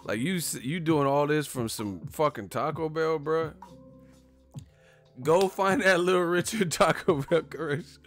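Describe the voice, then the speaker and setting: A man hosting a video, ranting in a profane, animated, joking way. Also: fairly high pitch, measured pace, soft background music. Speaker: video host. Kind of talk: casual comedic rant.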